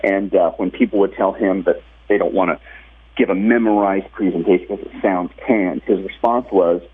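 Over a tinny phone line, a man who works as a professional speaker is interviewed as a guest. He talks energetically and at length, often restarting his sentences. His voice sits low, with a breathy edge and a moderate pace.

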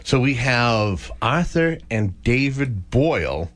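A man's voice: medium pitch, takes it slowly, dry recording. A man hosting a radio talk show in a studio, talking casually with many restarts. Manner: chatty, animated, frequent restarts.

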